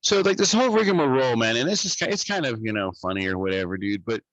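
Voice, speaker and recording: A man telling a story in a casual podcast chat, animated and swearing freely as he rants. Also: medium pitch, fast talker, no room sound, rough recording. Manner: animated, profane, ranting. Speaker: podcast co-host.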